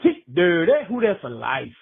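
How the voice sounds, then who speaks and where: A man's voice: fairly high pitch, big pitch swings, normal speed, creaky, slightly rough. A man leaving a rambling, joking voicemail full of slang. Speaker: voicemail caller. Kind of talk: casual phone message. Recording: tinny phone line.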